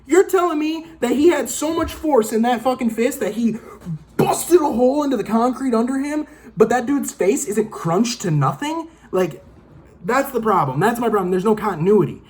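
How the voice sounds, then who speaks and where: A man's voice: very high-pitched, lively intonation, moderate pace, a little mellow. A young man giving a casual, profane, rambling movie review, exasperated and acting out lines from the film. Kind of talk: casual rant-style review.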